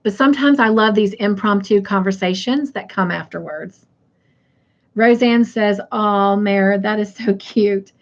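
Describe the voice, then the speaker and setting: Middle-aged woman, live-stream host, slow easy pace, chatty, reads comments aloud, laughs easily, slightly muffled audio. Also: medium pitch. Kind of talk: casual live-stream chat.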